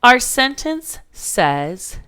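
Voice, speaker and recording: Woman, phonics teacher, patient, slow, crisp clear voice. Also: on the high side, sing-song, bright, forceful tone. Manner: slow, patient, sounding out letters. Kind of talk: phonics lesson for young children.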